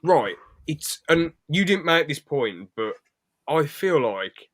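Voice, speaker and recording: A man's voice: a little high, sing-song, slow, fairly bright tone, no echo. A man co-hosting a podcast in casual chat, rambling with sweary, jokey asides. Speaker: podcast co-host.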